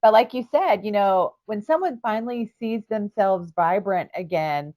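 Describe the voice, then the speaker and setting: A woman's voice: medium pitch, expressive, moderate pace, dull audio. A woman hosting an interview podcast, encouraging her guest with leading questions. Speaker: podcast host. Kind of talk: interview conversation.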